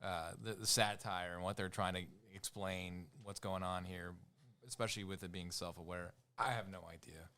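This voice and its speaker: A man's voice: deep voice, fairly even intonation, moderate pace, pushed and bright. A man co-hosting a podcast, reacting dryly and giving a hesitant take on a film. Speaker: podcast co-host. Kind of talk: casual podcast chat.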